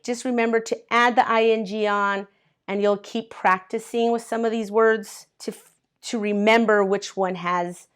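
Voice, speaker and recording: A woman teaching an English grammar lesson to learners, patiently spelling out letters and clapping out syllables. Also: a little high. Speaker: ESL teacher. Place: at a board, writing in colors.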